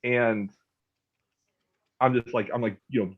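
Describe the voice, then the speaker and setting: A man's voice: medium pitch, fairly even intonation, a little slow, narrow, tinny audio. A man in his thirties telling a personal ghost story in a loose, rambling way, full of restarts and "like". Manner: rambling, repeats words and restarts, says "like" a lot. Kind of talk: casual storytelling.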